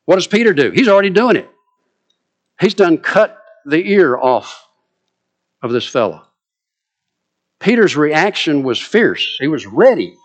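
A man's voice: fairly high pitch, sing-song, a little slow, long pauses, dull audio. A man preaching a sermon, retelling a story with drama and vivid asides.

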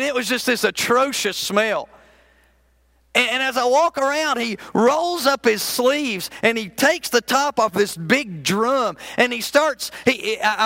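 Male minister, high gravelly voice, bright tone, folksy conversational sermon delivery. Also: no room sound. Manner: folksy, conversational storytelling with frequent restarts. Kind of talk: sermon with storytelling.

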